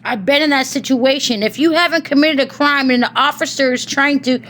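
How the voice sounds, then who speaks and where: A woman's voice: high-pitched, a little fast, fairly bright tone. A woman giving casual, slangy reaction commentary as a YouTube host. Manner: slangy, chatty and direct.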